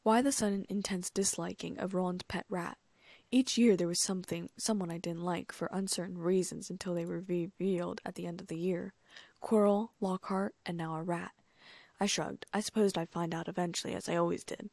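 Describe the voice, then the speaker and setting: A woman narrating a first-person fan fiction audiobook in a lively, amused way, close to the mic. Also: fairly low pitch, normal speed, vocal fry, no echo.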